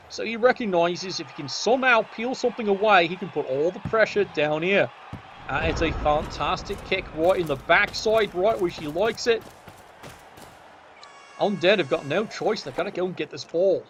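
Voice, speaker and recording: A man's voice: sits high, a bit bright, slight background noise. A man giving cheeky, sardonic commentary on a tabletop game match.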